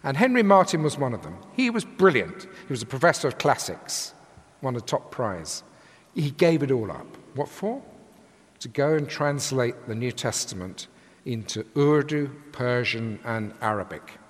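An older man from England preaching a sermon from the pulpit with a lively, emphatic cadence. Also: mid-range voice, moderate pace. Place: large church with long reverb. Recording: echoey church hall.

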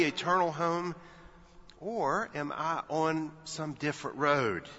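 A man's voice: on the high side, bright, forceful tone. A man in his fifties, a pastor from Texas, preaching a sermon in a church sanctuary with folksy storytelling and playful asides. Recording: dull audio with long church reverb.

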